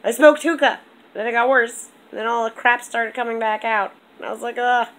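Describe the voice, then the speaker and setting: A young woman chatting on a home vlog, rambling and animated, with a congested throat. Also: on the high side, normal speed, rough recording. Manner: rambling, animated storytelling with lots of "like". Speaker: vlogger. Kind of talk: casual vlog chat.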